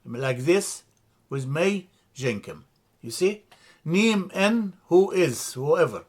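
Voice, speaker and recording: Slow, deliberate male language teacher. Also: on the high side, lively intonation, a little mellow. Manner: slow and deliberate, repeats and spells out terms. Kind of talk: slide-based language lesson. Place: church classroom.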